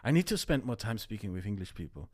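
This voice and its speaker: Male co-host, German accent, deep-ish voice, relaxed rambling delivery. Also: fast talker. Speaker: podcast co-host. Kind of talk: casual political chat. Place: Vienna.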